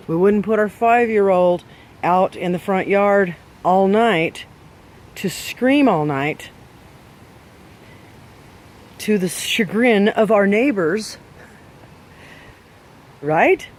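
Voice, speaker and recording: A man's voice: sits high, animated, takes it slowly, pauses often. A man giving dog owners blunt training advice, emphatic and scolding, with many rhetorical questions.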